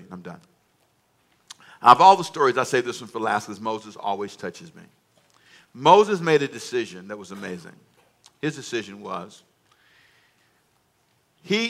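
A man's voice: medium pitch, a bit bright. A male pastor preaching a sermon, emphatic and humorous, in a storytelling manner.

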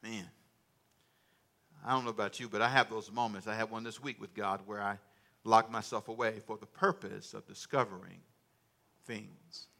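A man, a pastor, preaching a lively sermon and calling out to his congregation for answers. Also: fairly low pitch, moderate pace, vocal fry.

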